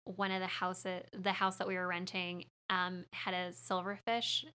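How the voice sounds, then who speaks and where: A woman's voice: on the low side, completely flat delivery, a little slow, sharp tone, clean tone. A young woman talking casually about a movie, chatty, laughing often and acting out lines.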